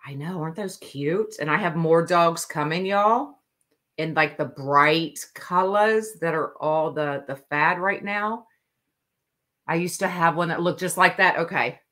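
A woman hosting a live stream to sell custom cups, talking casually and slowly with lots of ums. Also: low-pitched, bright, forceful tone. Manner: slow, drawling, many ums. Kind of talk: casual live sales chat.

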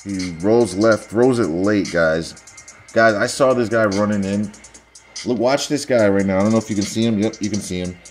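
A young man casually breaking down football highlights for viewers, analytical and sarcastic, talking straight to the audience. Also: normal speed, soft background music. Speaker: football video commentator.

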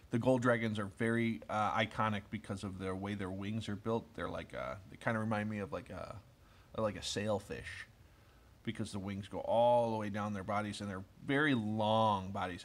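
A man in his thirties casually rambling as he opens trading cards, chatty and enthusiastic, with lots of asides and fillers. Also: on the low side. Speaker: card collector opening packs. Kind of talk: casual rambling commentary while opening cards.

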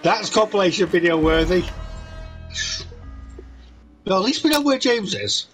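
A man's voice: high voice, animated, a little slow, faint music behind, poor audio. A man chatting while gaming with friends, jokey and chatty, swearing freely. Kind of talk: casual gaming chat.

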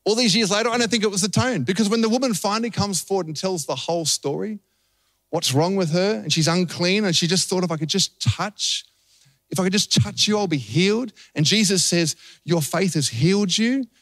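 A man's voice: high voice, fairly quick, no room sound. A man with an Australian accent, a pastor preaching a sermon and telling a story with acted-out voices. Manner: animated storytelling, acting out voices.

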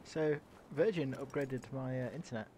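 A man's voice: medium pitch, normal speed, noisy background. A man joking and chatting with teammates over voice chat during a multiplayer game. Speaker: player and channel host. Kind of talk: casual voice chat while gaming.

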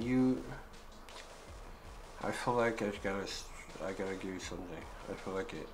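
A man's voice: deep voice, moderate pace, pauses often, slight background noise, rough recording. Joking man playing a video game. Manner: joking, talks back to game characters. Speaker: gaming YouTuber. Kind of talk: casual let's-play commentary.

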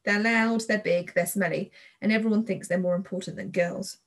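A woman's voice: medium pitch, fairly even intonation, moderate pace, lightly acted. A woman doing a cheeky, bossy young girl. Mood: scornful.

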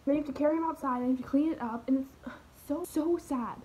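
A woman's voice: high-pitched, fast talker, mellow, rough recording. A teenage girl rambling through a parody vlog in her bedroom, full of fillers and drifting into whispers. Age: teens. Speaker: vlogger.

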